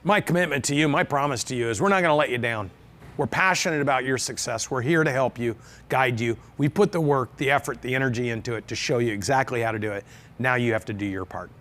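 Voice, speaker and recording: A man's voice: medium pitch, fast talker, fairly bright tone. A man giving a motivational business talk on stage. He speaks earnestly and with emphasis, and he often repeats phrases for effect. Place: event stage with live audience.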